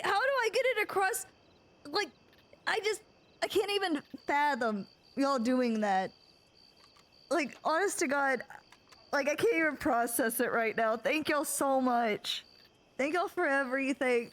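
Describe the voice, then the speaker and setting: Young woman, high voice, live streamer, casual chat, emotional, near tears, rambling. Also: fairly bright tone. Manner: rambling, repeats herself.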